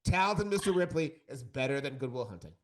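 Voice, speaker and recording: A man co-hosts a casual podcast debate at a mid pitch. He is campy and emphatic, stressing his points with repeated punchlines. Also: animated, quick pace. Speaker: co-host.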